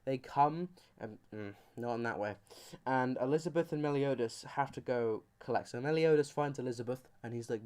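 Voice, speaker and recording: A man's voice: mid-range voice, moderate pace, a little mellow, clear, resonant tone. A man giving a comedic anime commentary, rambling and joking with goofy asides. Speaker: YouTuber.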